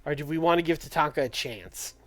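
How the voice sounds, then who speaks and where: Faint music plays as this livestreamer casually reasons through a strategy game and speaks to his chat. His voice sits on the high side and his pace is quick.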